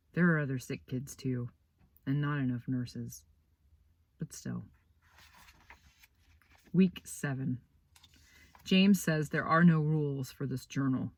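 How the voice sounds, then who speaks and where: A woman reads a children's novel aloud in a low, unhurried voice, letting the lines breathe. Her delivery swings dramatically from hushed asides to bursts of feeling. The sound is dry and close to the mic. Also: gravelly, no echo. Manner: dramatic, varied storytelling delivery. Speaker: author reading her own book aloud.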